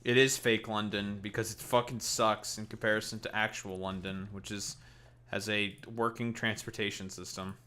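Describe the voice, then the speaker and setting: A man's voice: fairly low pitch, level tone, moderate pace, pushed and bright. A young Canadian man with a Canadian accent, streaming and ranting casually, swearing a lot and mockingly throwing in "eh" and "bud". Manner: profane, mocking, with a playfully exaggerated Canadian "eh" and "bud". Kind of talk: casual live-stream rant.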